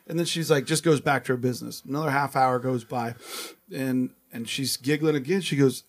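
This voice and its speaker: A man's voice: mid-range voice, a little fast. A man co-hosting a casual comedy chat, building a long anecdote toward a punchline. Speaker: co-host.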